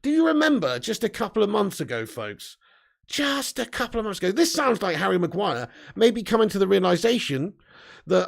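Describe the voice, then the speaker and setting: Gravelly-voiced man, jokey stream host. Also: high voice, very animated, fairly quick. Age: 30s. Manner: laughing, jokey, loud shout-outs. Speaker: host of a live football fan show. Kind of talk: casual live-stream banter.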